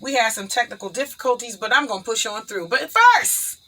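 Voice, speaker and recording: A woman's voice: a little high, expressive, fairly quick, sharp tone, poor audio. A woman hosting her own show, chatting casually and calling viewers y'all and baby. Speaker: host. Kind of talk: casual chat.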